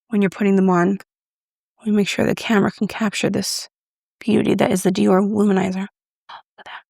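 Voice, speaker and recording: A woman's voice: medium pitch, no room sound, clean studio sound. A woman presenting a makeup review vlog, gushing and effusive as she shows off each product. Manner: gushing, effusive, repeats "beautiful". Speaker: beauty vlogger.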